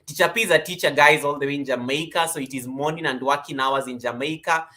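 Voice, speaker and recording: Bright-voiced man hosting a live stream. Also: a little high, fast talker. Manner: energetic, greets viewers warmly by name, frequent laughs. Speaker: livestream host. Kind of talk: casual live-stream chat. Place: at home.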